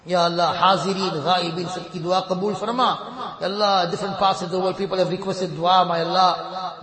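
A man serving as imam, leading congregational supplication with a repeated refrain and then making announcements in a mosque prayer hall. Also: sits high. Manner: fervent, repeating a refrain after each plea.

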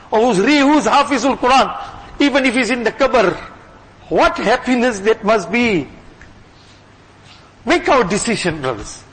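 Male preacher, high voice, fervent sermon delivery, big hall echo. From Gujarati-speaking background. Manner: impassioned, swings between loud exhortation and hushed pleading. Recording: long hall reverb.

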